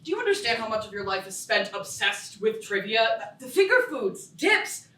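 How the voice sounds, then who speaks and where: An actress playing a preachy, big-headed young surfer who lectures a friend. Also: female voice, on the high side, sing-song, moderate pace, fairly bright tone. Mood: lecturing. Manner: lecturing, smug. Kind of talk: live stage acting. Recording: echoey theatre stage from far off.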